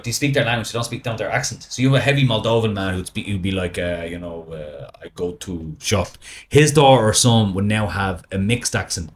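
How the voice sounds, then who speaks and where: Irish man, middle-aged, podcast guest, rambling and animated, fairly low voice, faint background hiss. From Ireland. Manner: rambling, animated, peppered with "right?" and "you know". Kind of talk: casual podcast chat.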